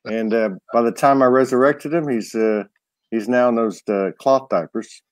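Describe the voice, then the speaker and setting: A man hosting a live online show, loose and a bit halting, greeting viewers by name before bringing on his guest. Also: mid-range voice, no echo. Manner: loose, stumbling, reads out names. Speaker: host.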